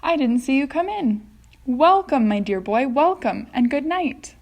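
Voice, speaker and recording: A slow, unhurried glowworm lady from a storybook, as a woman reads her. She takes her time over every word. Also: high-pitched, animated, voice pushed up. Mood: sweet. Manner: slow, cool. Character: haughty female glowworm, cool then sweet.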